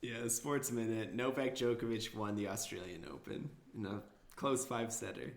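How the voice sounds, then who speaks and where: A man's voice: medium pitch, steady tone, normal speed, echoey room. A young man co-hosting a casual podcast, laid-back and rambling, full of fillers and easy laughter. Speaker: podcast co-host. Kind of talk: casual chat.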